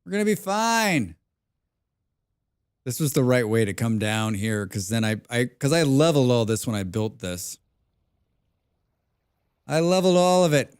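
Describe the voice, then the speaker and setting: A man's voice: medium pitch, very animated, measured pace, pauses often, darkish tone, clear, resonant tone, no echo, clean studio sound. A man live-streaming a survival game, chatting casually with his viewers and repeating his own phrases. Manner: chatty, talks to himself and chat, repeats phrases.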